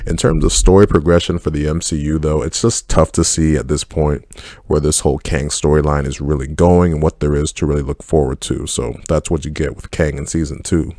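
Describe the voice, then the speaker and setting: A man's voice: very deep voice, fairly even intonation, a little fast, dark tone, no echo, studio quality. A man giving a casual, blunt spoken review of a TV series, swearing freely and speaking his mind. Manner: blunt, profane, candid opinions. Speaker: film and TV reviewer.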